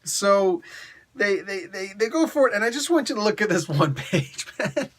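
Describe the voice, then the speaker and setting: A man reviewing a comic book in a casual, excitable way, often laughing as he recaps scenes. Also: high voice, normal speed.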